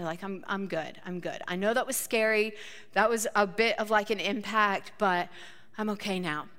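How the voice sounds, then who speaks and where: A woman in her thirties preaching a sermon, telling a personal story in an animated, conversational way and acting out her own reactions. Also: mid-range voice. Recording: long hall reverb.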